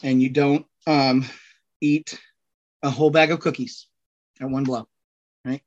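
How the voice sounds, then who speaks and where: A man with a Californian accent, talking casually as a podcast guest in an animated, rambling way with loud bursts. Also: mid-range voice, measured pace, highs cut off. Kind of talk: casual conversation.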